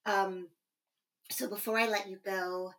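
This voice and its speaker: A woman's voice: medium pitch, steady tone, a little slow, fairly bright tone. A woman hosting an interview podcast, speaking with effusive praise and many fillers. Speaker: podcast host.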